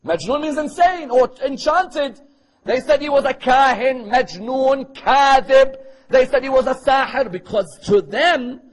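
A man preaching to a live audience, quizzing them with rhetorical questions and chanting Arabic verses quickly. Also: sits high, rough recording. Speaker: Islamic preacher. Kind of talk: sermon.

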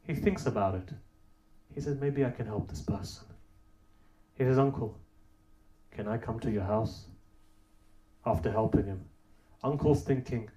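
A man preaching to a gathering, speaking at a middle pitch. He tells a story in a low, quiet voice and asks rhetorical questions, then builds to emphatic peaks. The sound is roomy and echoey. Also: a little slow, long pauses. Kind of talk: sermon. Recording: roomy echo.

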